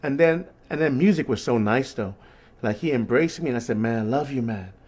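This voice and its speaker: A man hosting a casual call, telling a rambling, animated story about life as a street musician and often asking "you know what I mean". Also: medium pitch, a little fast.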